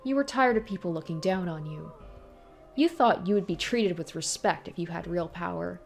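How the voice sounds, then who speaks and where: A woman's voice: lowish voice, creaky, faint music behind. A woman reading a visual novel aloud, voicing the taunting ghost of a cruel old tyrant. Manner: sneering, taunting, slow and menacing.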